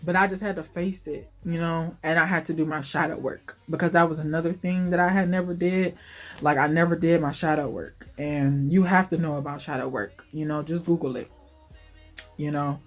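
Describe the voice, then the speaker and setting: A woman's voice: low-pitched, fairly even intonation, moderate pace, faint music behind. A woman in her late twenties giving an emotional, heartfelt life update in her vlog, talking in a casual, confiding way. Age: late 20s. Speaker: vlogger.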